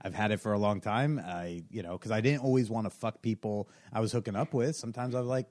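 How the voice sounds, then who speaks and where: A man's voice: on the low side, quick pace, few pauses, a little mellow, dry recording, clean studio sound. A man from New Jersey, a comedian guest on a podcast, chatting casually in a joking, self-deprecating way. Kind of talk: casual chat.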